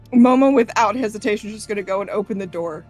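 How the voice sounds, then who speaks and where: A woman at a tabletop game, her voice of middling pitch. She narrates her character with wry, joking asides. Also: a little fast, a little mellow, soft background music. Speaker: player. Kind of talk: casual tabletop play.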